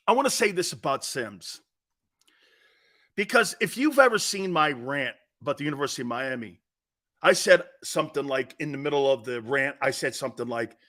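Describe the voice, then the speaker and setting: A man's voice: on the high side, sharp tone. A man hosting a sports talk show, ranting with emphatic, combative opinions and repeating himself for emphasis.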